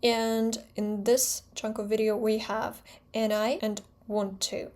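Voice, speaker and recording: A woman with a Russian accent who speaks Russian natively, explaining her own accent-training method in quick, precise steps and stressing example sounds. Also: on the high side, level tone, darkish tone. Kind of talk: explanatory talk to camera.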